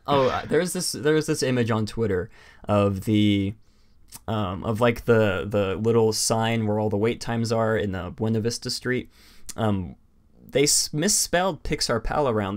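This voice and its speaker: Man, lowish voice, casual live-stream chat, rambling, lots of fillers. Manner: rambling, filler-heavy, quick to laugh. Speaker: stream host.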